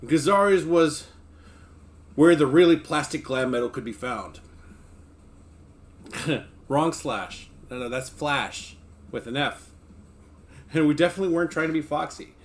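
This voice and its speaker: A man's voice: fairly high pitch, moderate pace, long pauses. A man streaming casually, joking with his viewers and reading a book aloud between chats. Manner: laid-back, joking, talks to chat between passages.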